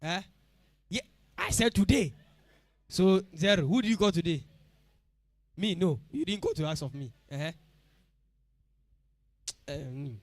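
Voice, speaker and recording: Emphatic Ghanaian preacher, high voice. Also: male voice, animated, unhurried, long pauses, no room sound. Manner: emphatic, repeats phrases, questions the congregation directly. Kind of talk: midweek church sermon. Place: church service.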